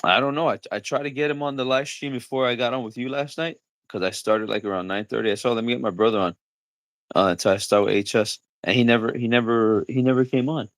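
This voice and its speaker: Fast-talking joking man on a livestream. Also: medium pitch, dry recording. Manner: joking, laughs things off, acts out quoted voices. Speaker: livestream host. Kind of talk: casual livestream chat.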